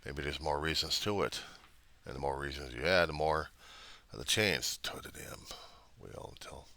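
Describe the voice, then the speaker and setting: Very deep, gravelly angry man. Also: moderate pace, bright, forceful tone. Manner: angry, rambling, profane. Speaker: diarist. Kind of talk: personal diary monologue.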